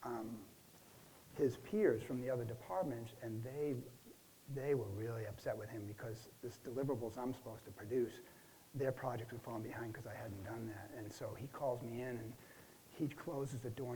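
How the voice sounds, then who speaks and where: A man playing a shaken, halting client. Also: medium pitch, mellow, a little hiss or hum, close to an everyday voice, poor audio. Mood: rattled. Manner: halting, many restarts and fillers. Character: stressed middle-aged man recounting a relapse. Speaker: role-play client. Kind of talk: counseling role-play.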